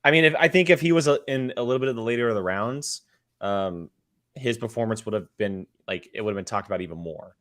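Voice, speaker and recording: A man's voice: on the low side, fast talker, fairly bright tone. A man co-hosting a podcast in casual chat, rambling through his points. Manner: rambling with fillers and restarts. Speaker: podcast co-host.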